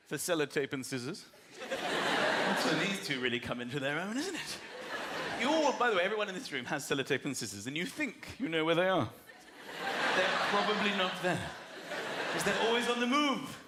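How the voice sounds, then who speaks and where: A man's voice: sits high, big pitch swings, normal speed, long pauses, heavy background noise. A man with an English accent doing an exasperated stand-up routine, ranting and putting on mock voices. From England. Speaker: stand-up comedian. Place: large comedy venue with live audience. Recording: echoey venue, loud crowd laughter. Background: audience laughter.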